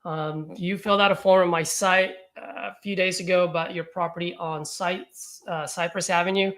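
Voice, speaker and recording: A man hosting a live stream, leaving easygoing, friendly voicemails for sellers and chatting with viewers, with relaxed filler words. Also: high voice, moderate pace. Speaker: real estate wholesaler hosting a live calling session.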